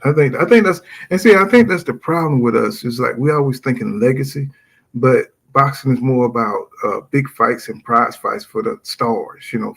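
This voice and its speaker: A man hosting a boxing talk show in casual chat, animated and reading viewer comments aloud. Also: mid-range voice, creaky, husky. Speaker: boxing podcast host.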